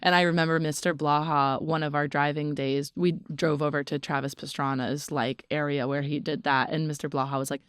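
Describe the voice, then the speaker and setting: A young woman with a lower-pitched voice co-hosts a casual podcast and tells rambling stories full of "like". She is recorded on a close mic in a dry room. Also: level tone, a little fast, hardly any pauses, clean tone, no echo. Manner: rambling storytelling, heavy use of "like". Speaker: podcast co-host. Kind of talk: casual chat.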